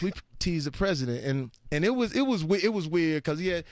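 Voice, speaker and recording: A man chatting as a guest, telling lively stories and acting out the people in them. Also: a little high, brisk, few pauses, dry recording. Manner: animated storyteller, acts out voices, laughs often. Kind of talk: casual chat.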